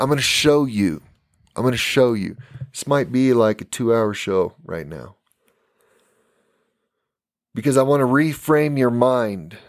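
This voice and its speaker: A man's voice: mid-range voice, unhurried, pauses often, no echo, clean studio sound. Fired-up American man preaching. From United States. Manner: fiery, emphatic, preachy. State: tired. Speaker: podcast host and preacher. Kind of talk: impassioned live-stream sermon.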